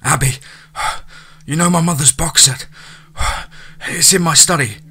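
A man's voice: a little high, expressive, slow, creaky, bright, forceful tone, slightly rough, pitched above the performer's own voice, exaggerated voice. A man voicing a stressed young male detective in a horror story, urgent and breathless.

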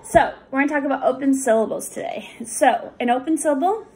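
A woman tutoring young readers, explaining reading rules patiently with many pauses and fillers. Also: high voice, a little mellow. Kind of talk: recorded lesson for students.

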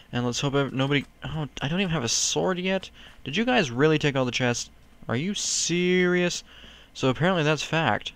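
A man chatting casually as he plays and comments on a video game, rambling and self-mocking, with sudden excited yelps. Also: medium pitch, clean tone. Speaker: gaming YouTuber.

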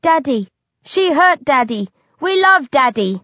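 Woman voicing zombie baby chorus, high eerie childlike chant, storybook horror, dull lo-fi sound. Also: lively intonation, slow, a bit bright, no room sound, heavily acted. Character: horde of creepy undead zombie babies. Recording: dull lo-fi dry recording.

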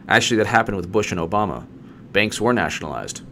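Speaking fast and expressively in a fairly low, sharp-toned voice, this political commentator delivers an unscripted, sarcastic rant. He keeps repeating points and imitates his opponents in mocking voices, with slight background noise in the clip.

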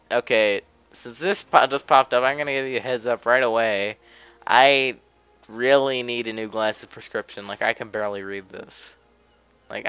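A young man in casual gameplay commentary, chatty and offhand, close on a desk mic. His voice is bright and smooth, a bit low, and faint music sits underneath. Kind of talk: casual let's play commentary.

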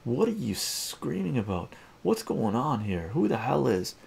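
A man's voice: medium pitch, big pitch swings, unhurried, creaky, a little mellow, a little hiss or hum, voice pushed up, full character voice. A man voicing a bewildered young man in a raised, questioning voice.

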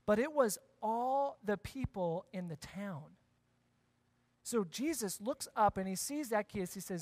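A man's voice: high-pitched, animated, a little slow. A man preaching a sermon as pastor, talking conversationally, repeating key phrases and asking the congregation questions. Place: church sanctuary. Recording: long church hall reverb.

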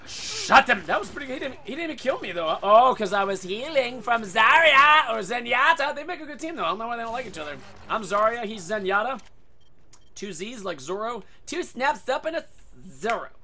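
A man hosting his own gaming channel, giving live commentary over a match and breaking into loud excited outbursts. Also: very high voice, brisk. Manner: excitable, loud outbursts and yelling at other players. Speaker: gaming video host. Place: home room.

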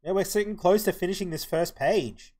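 A man's voice: sits high, fairly quick, a little mellow. Man. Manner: putting on a mock accent; mutters to himself while crafting. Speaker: streamer. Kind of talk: live gameplay commentary.

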